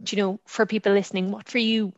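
A woman's voice: medium pitch, level tone, fast, no echo, dull audio. A woman hosting an interview, asking questions hesitantly with many fillers as she searches for words. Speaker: interview host. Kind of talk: conversational interview.

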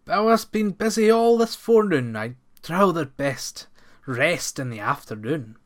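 A man reading aloud and voicing a frightened farmer who stammers in old-fashioned speech, raising his voice high and loud. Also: expressive, measured pace. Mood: anxious. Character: frightened, flustered middle-aged farmer.

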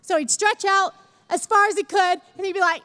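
A young woman preaching a sermon in a church, chatty and animated, acting out little stories as she goes. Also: very high-pitched, a little fast.

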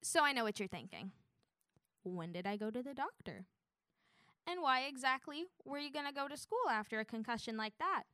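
Smooth, bright young woman narrating. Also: sits high, big pitch swings, fairly quick, dry recording, studio quality. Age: young adult. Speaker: student narrator. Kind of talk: personal story narration.

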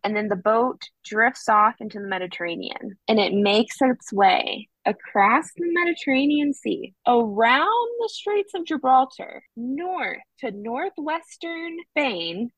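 A woman's voice: a little high, a bit bright, no room sound, low-quality recording. A woman co-hosting a podcast, chatting casually and jumping in with asides and stories. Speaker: podcast co-host. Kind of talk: casual chat.

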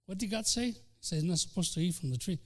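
A man delivers a fervent sermon from the pulpit in a slightly high voice. He swings from loud, declaiming lines to quiet, hushed ones and slips into other voices to act out quotes. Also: expressive, quick pace. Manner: fervent preaching with sudden shifts from loud to soft; acts out quoted voices, including the devil. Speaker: pastor. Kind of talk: bilingual sermon.

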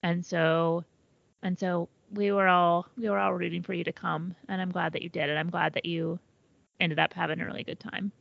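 Gravelly low-voiced woman on a podcast. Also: moderate pace, no room sound, dull audio. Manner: supportive, animated storytelling with swearing and laughs. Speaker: podcast co-host. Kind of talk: casual chat.

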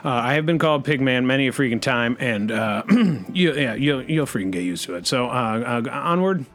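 A male comedy podcast host with an ordinary middle-pitched voice. He rambles deadpan, stalling with fillers as he goes. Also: moderate pace.

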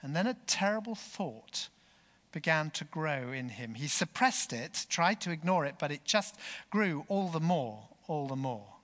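A man delivers a sermon in a slow, deliberate pace, his earnest storytelling carried on a bright, clear voice. A long church reverb trails every phrase. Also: fairly high pitch, big pitch swings. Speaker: preacher.

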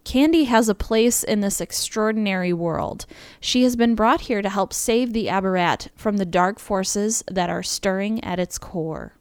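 A woman's voice: medium pitch, measured pace, smooth, no room sound, studio quality. A woman co-hosting a podcast, reading a prepared script and breaking off now and then with laughing asides. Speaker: podcast co-host.

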